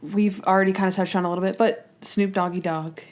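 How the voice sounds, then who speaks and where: A young woman co-hosting a podcast, chatting casually, laughing often and acting out scenes in quick put-on voices. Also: medium pitch, fairly even intonation, darkish tone. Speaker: podcast co-host. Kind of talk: casual chat.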